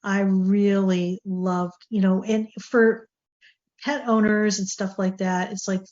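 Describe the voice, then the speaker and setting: A woman's voice: medium pitch, flat delivery, slow, a little mellow, highs cut off. A woman hosting a talk show, speaking in a chatty, rambling way with plenty of fillers. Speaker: show host. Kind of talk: casual talk-show monologue.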